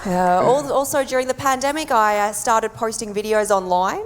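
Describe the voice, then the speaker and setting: A woman with an Australian accent doing stand-up, deadpan with sudden high mock voices. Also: moderate pace, over loud music, over a noisy crowd. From born abroad, raised in Australia. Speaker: stand-up comedian. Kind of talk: stand-up comedy set. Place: comedy club stage. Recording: echoey venue with loud background noise.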